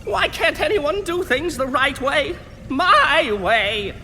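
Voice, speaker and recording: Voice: high voice, sing-song, takes it slowly, bright, forceful tone, faint music behind, full character voice. A voice actor playing a vain, scheming know-it-all mutant in a cartoon, talking down to everyone in a haughty, pompous way. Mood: bossy. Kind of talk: cartoon voice acting.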